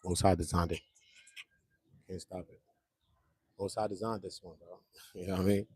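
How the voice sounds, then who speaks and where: A man's voice: low-pitched, steady tone, normal speed, darkish tone, breathy edge, no room sound, clean studio sound. A man, rambling casually to the camera in slang, joking and repeating himself.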